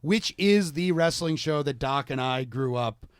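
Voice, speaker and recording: A man's voice: on the high side, lively intonation, a little slow, clear, resonant tone, dry recording, studio quality. A man co-hosting a wrestling podcast in casual chat, rambling with many fillers and restarts. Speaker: podcast co-host.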